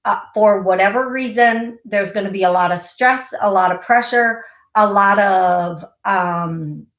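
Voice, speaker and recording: Woman psychic radio host, slow, giggly, gives firm repeated advice; roomy echo. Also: medium pitch. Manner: warm, giggly, direct advice with repeated warnings. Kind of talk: call-in psychic reading.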